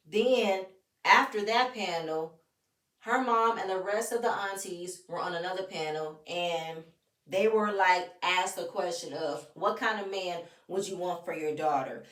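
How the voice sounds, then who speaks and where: A woman's voice: fairly low pitch, far from the mic. Opinionated woman in a roomy, echoey room. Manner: animated and opinionated, addresses people directly. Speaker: reality TV recap host. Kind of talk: casual recap commentary. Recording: roomy echo, off-mic.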